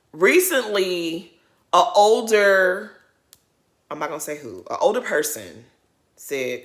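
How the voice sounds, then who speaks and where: Lively, bright-voiced woman recapping. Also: on the low side, unhurried. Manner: sassy, emphatic, repeats herself. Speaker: recap host. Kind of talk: casual reality TV recap.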